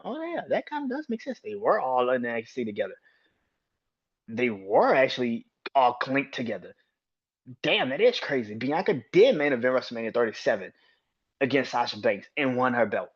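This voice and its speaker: A man's voice: medium pitch, expressive, normal speed, slightly rough, dull audio. A man hosting a solo wrestling podcast, ranting with heavy swearing and exasperated rhetorical questions. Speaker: podcast host.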